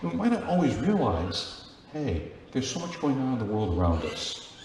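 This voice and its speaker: A man's voice: medium pitch, sing-song, normal speed, darkish tone, a little hiss or hum. A man, a Catholic priest, giving a conversational Sunday homily and often putting questions to the congregation. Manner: chatty, asks the congregation questions. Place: large church. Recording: very echoey church with long reverb, faint ambience.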